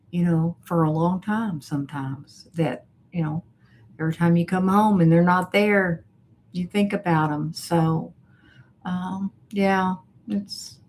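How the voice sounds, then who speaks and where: A woman hosting a casual live stream as a coach, reading viewer comments aloud in a chatty, unhurried way with soft laughs. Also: lowish voice.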